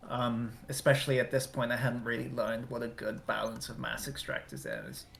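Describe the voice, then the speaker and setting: Gravelly man co-casting a game. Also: medium pitch, level tone, a bit bright, a little hiss or hum. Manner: chatty, quick asides about his own maps. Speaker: co-caster and map maker. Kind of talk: casual game commentary.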